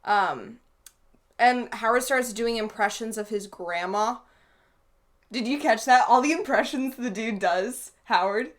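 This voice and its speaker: Woman, host, movie-review chat, giggly, rambling, filler-heavy, slightly high voice. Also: unhurried.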